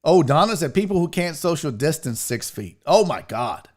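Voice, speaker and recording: The host's voice is fairly high and moves at a normal speed. He works through viewer comments on his laid-back show, cursing and venting about pet peeves in an exasperated, lively, funny way.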